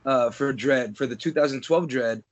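A man co-hosting a podcast in casual chat, animated, swearing and filler-heavy. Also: medium pitch, moderate pace, dull audio. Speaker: podcast co-host.

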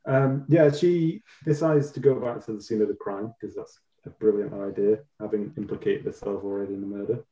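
A man's voice: on the low side, fairly even intonation, a little fast, mellow, reverberant, lo-fi sound. A man co-hosting a podcast, recapping a show in casual chat with a dry, wry manner and frequent laughs. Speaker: podcast co-host.

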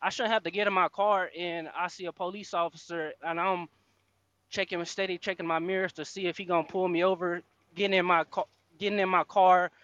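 A man telling his own experience in a live audio chat room, earnest and halting, with many fillers. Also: high voice, flat delivery, fairly bright tone, no room sound, highs cut off. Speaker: room speaker.

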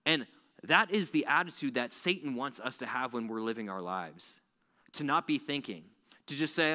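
A man's voice: medium pitch, lively intonation, moderate pace, bright, forceful tone. A young man giving a casual, conversational sermon, acting out quoted voices. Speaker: preacher.

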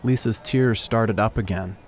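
A man narrating a first-person story in a calm, reflective way. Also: lowish voice, measured pace, a little hiss or hum.

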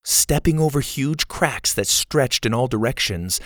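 A man's voice: medium pitch, animated, a little slow, no room sound, studio quality. A man narrating a children's storybook aloud, expressively.

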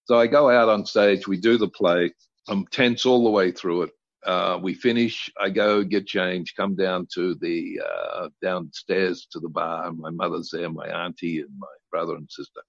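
Older male guest storyteller, blunt and salty. Low-pitched voice, dry muffled lo-fi audio. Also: steady tone, moderate pace, gravelly, no echo. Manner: blunt, colorful storyteller who swears freely. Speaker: guest actor. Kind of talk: animated anecdote-telling.

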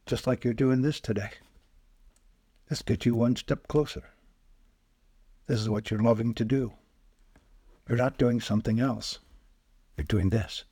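A man, a spiritual healer, speaking as a podcast guest and telling lively anecdotes, acting out the quoted voices. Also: medium pitch, a little slow, pauses often, slightly rough, no echo. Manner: animated anecdotes, acts out quoted voices, chuckles often. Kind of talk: casual storytelling interview.

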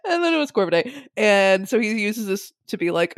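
A woman's voice: mid-range voice, huge pitch swings, normal speed, no echo. A woman chatting casually about a book on a podcast, laughing often and acting out the characters' lines. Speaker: podcast co-host. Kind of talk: casual book discussion chat.

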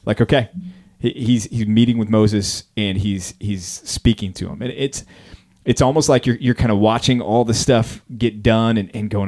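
A man who is a pastor, chatting casually on a podcast about a Bible passage in a relaxed, rambling way. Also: on the low side, moderate pace.

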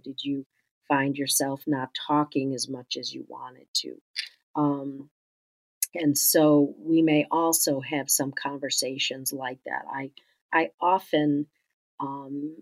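Woman, middle-aged, deep low voice, speech therapist, gentle and reflective, instructional podcast. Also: poor audio. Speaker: speech-language pathologist.

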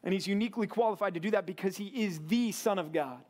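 Man preaching, fairly high voice, earnest sermon to a men's group. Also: quick pace. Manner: earnest preaching, swings between loud emphatic bursts and quiet low asides. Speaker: pastor. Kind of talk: sermon to a men's Bible study.

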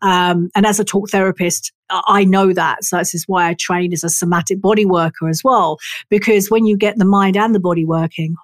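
A middle-aged woman, a talk therapist telling her personal story in a frank, expressive way and swearing freely. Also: on the low side, brisk, no echo. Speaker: talk therapist and body worker.

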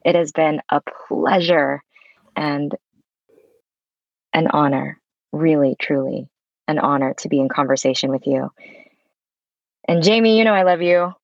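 A woman with a very low voice talks as a podcast guest, expressive and effusive and at ease with swearing. Her recording sounds dry and a little dull, like a lo-fi mic. She comes across as a coach sharing practical advice in a relaxed conversation. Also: unhurried, vocal fry, long pauses, dry recording. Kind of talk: conversational interview.

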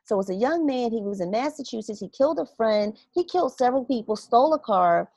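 A woman in casual conversation, earnestly recounting what she saw and acting out her own reactions with animated asides. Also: a little high, fast talker, no room sound. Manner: earnest and reflective.

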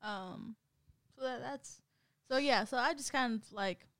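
A woman's voice: fairly high pitch, a little slow, fairly bright tone, no echo, studio quality. A young woman co-hosting a podcast, telling a story in casual chat with lots of fillers and restarts. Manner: rambling, filler-heavy storytelling. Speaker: podcast co-host.

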